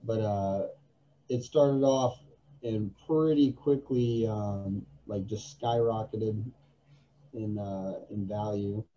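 A man's voice: fairly low pitch, steady tone, slow pace, dark tone, highs cut off. A man co-hosting a podcast in casual chat, rambling with many fillers and restarts, his voice crackly from lack of coffee. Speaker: podcast co-host.

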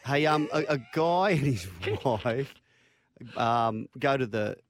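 A man telling a long joke, halting and restarting his phrases. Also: medium pitch, expressive, over music. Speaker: joke teller.

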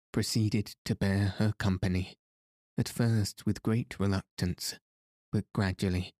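A man narrating a historical novel aloud in a measured storytelling manner. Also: fairly low pitch, dark tone, no room sound, studio quality. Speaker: audiobook narrator. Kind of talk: scripted narration.

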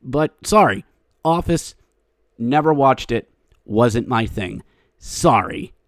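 A man hosting a podcast, giving a casual, jokey hockey recap that turns into excitable play-by-play. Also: mid-range voice, slow pace, no echo, studio quality. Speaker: podcast host.

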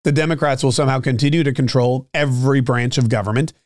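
A man hosting a solo political commentary show, talking straight to his listeners with many fillers and restarts, his throat a little rough. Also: medium pitch, fast talker, darkish tone, no room sound, clean studio sound. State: clearing his throat, slightly choked up. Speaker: political podcast host.

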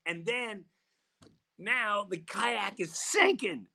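A high, creaky voice moves slowly over slight background noise as a middle-aged podcast host relates a story. He keeps it casual and animated, acting out each quoted person's voice.

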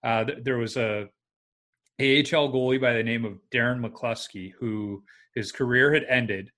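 A man with an ordinary mid-range voice hosts a relaxed talk. He tells stories in a chatty, easygoing way, with the odd filler word. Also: medium pitch, moderate pace. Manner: chatty anecdotal storytelling. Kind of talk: casual conversation.

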